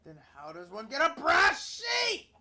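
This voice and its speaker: A woman streaming a video game, chatting casually, animated and exasperated, sometimes shouting at her teammates. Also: a little high, measured pace. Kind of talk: casual gaming chat.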